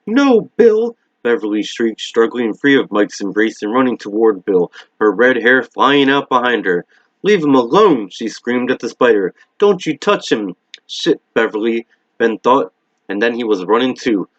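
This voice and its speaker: A man reading a novel aloud in a steady, measured way, in a dull lo-fi recording. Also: lowish voice, dry recording. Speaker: reader.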